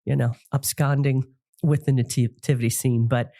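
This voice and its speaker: A middle-aged woman hosting a podcast, talking casually and warmly about family memories with frequent fillers and laughs. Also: very deep voice, steady tone, moderate pace. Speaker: podcast host and psychic medium. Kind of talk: casual solo podcast talk.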